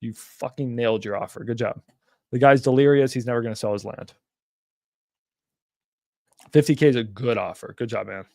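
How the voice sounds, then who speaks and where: A man's voice: medium pitch, moderate pace, gravelly, pauses often, darkish tone, no echo, clean studio sound. Blunt, profane man hosting a livestream. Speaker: livestream host. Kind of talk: casual livestream chat.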